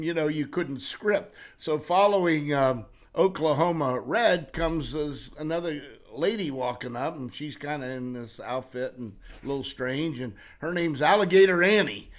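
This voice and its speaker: An older man hosting an interview, telling lively anecdotes, laughing often and acting out quoted lines. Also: fairly high pitch, normal speed, hardly any pauses. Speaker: interview host.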